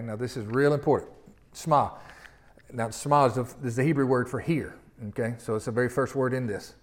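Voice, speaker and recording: A man preaching a sermon, teaching in a folksy way and reading scripture slowly with emphasis. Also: fairly high pitch. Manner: folksy teaching, often asks "see what I'm talking about?". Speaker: pastor.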